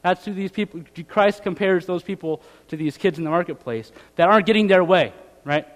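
A man's voice: high-pitched, brisk, in a large hall. A man preaching a sermon in a conversational way, reading scripture aloud and asking rhetorical tag questions. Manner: reads scripture aloud in old-fashioned wording.

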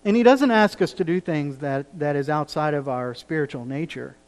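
A man preaching from the pulpit, earnest and pleading, his emphasis building as he presses each point. His voice sits a little high for a man, and it rings out with a long church reverb. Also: normal speed, a little mellow, clean tone. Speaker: pastor. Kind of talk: sermon. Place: church sanctuary.

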